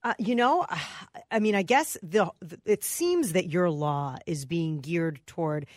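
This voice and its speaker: A woman's voice: lowish voice, expressive, a little slow, a little mellow, no room sound, clean studio sound. Easygoing female radio co-host. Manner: easygoing, thinks aloud with hedges. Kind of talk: casual radio chat. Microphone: studio microphone.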